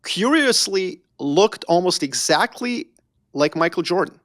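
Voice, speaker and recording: A man's voice: high-pitched, measured pace. A man from Yugoslavia who is a guest on a podcast, telling stories with emphasis and sometimes speaking straight to the listener. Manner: animated, emphatic storyteller who addresses the listener directly. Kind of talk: casual conversation.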